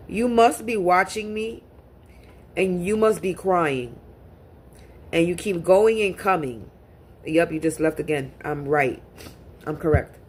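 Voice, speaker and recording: Woman w/ venting to her camera, blunt, lots of cursing, trips over her words. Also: mid-range voice. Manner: blunt, profane, restarts and repeats words. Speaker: spiritual reader. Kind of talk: casual monologue to camera.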